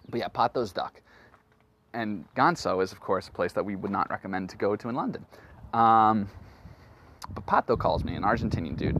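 A man hosting a podcast, recounting his week in a rambling, self-deprecating casual monologue. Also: fairly low pitch. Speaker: podcast host. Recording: noisy background hiss.

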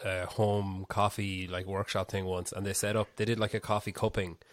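A man's voice: sits low, level tone, moderate pace, no echo, studio quality. A young man in casual chat, chatty and self-deprecating.

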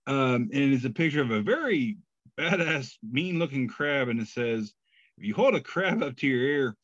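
A man's voice: mid-range voice, expressive, fairly bright tone, no room sound. Jokey male podcast co-host. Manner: jokey, self-deprecating, drawn-out pauses. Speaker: podcast co-host reading memes. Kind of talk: casual podcast banter. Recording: dull lo-fi podcast mic.

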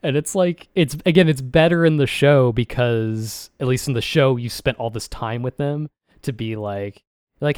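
A man's voice: medium pitch, normal speed, darkish tone, clean tone, no echo, clean studio sound. A man co-hosting a podcast in casual chat, rambling with many fillers and acting out quotes from what he watched. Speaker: podcast co-host.

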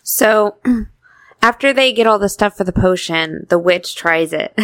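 A woman's voice: mid-range voice, takes it slowly, a bit bright, no echo. A young woman co-hosting a podcast, recapping a cartoon in a laid-back, slangy way with lots of agreeing murmurs. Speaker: podcast co-host. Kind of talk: casual chat recapping a cartoon.

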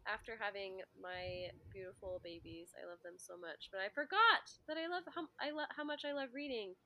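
A woman's voice: mid-range voice, brisk, sharp tone. A young mother co-hosting a podcast, chatting in a gushing, giggly way. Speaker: podcast co-host. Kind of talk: casual chat.

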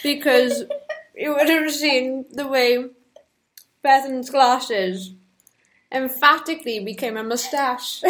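A woman's voice: sits high, takes it slowly, a bit bright. A young woman co-hosting a podcast in casual, jokey chat, laughing often. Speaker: podcast co-host.

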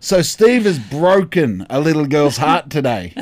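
This thirty-something man co-hosts a podcast and animatedly acts out the dialogue of a story during casual chat, laughing along the way. He speaks at a measured pace in a slightly high voice, with no room sound.

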